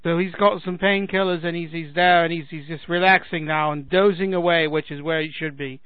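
A man's voice: a little high, fairly even intonation, a little fast, dry recording. Rambling man on a tinny phone line. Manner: rambling, self-deprecating, many restarts. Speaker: radio host filling in. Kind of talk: casual radio chat. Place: home in Chicago.

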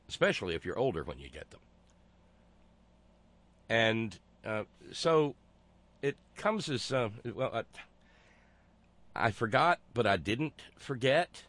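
A man hosting a talk show, speaking in a sarcastic, halting way with many fillers and restarts. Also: on the low side, sing-song, fairly bright tone. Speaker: host. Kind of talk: casual commentary.

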